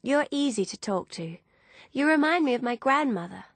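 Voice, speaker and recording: A woman voicing a gentle, apologetic young director. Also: high-pitched, lively intonation, normal speed, dry recording, voice pushed up. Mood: tearful. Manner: earnest, softly confiding.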